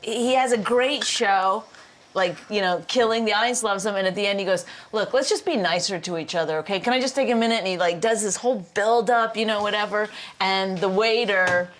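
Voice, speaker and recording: A woman guest comedian chatting in a kitchen, telling a story with animated laughing voices. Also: mid-range voice, a little fast. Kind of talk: casual chat.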